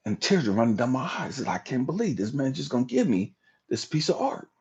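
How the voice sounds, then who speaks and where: A man's voice: mid-range voice, big pitch swings, fairly quick, a little mellow, breathy edge, lo-fi sound. A man hosting a livestream, telling an emotional personal testimony in a raw, profane storytelling manner. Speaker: livestream host.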